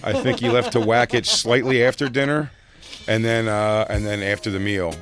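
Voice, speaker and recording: A man's voice: on the low side, flat delivery, normal speed, music in the background. A man co-hosting a podcast, chatting casually and telling rambling, crude stories with frequent laughter. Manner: rambling storyteller, laughs often, crude jokes. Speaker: podcast co-host. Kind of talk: casual comedic chat.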